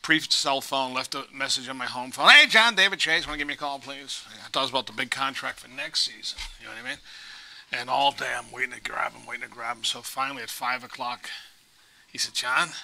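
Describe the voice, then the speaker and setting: A man's voice: medium pitch, steady tone, fairly quick, creaky, bright, forceful tone, rough recording. A middle-aged man, a guest actor, telling profane, joking stories in a casual interview. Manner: profane, joking anecdotes with put-on voices.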